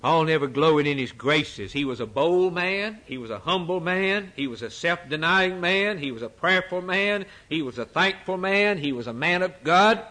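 A man's voice: a little high, expressive, moderate pace, hardly any pauses, bright, forceful tone. Emphatic folksy preacher, a man. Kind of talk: sermon.

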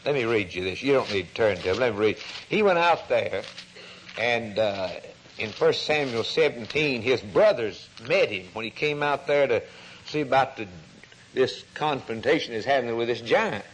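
A man's voice: lively intonation, normal speed, slight background noise, low-quality recording. A man preaching a sermon, telling a story and acting out the quoted voices. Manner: storytelling preacher, acts out quoted voices, rises in pitch when stirred.

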